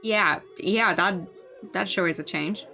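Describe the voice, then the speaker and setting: A woman's voice: mid-range voice, measured pace, gravelly, pushed and bright, soft background music. Young woman streamer reading a game aloud. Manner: rambling, stammering asides.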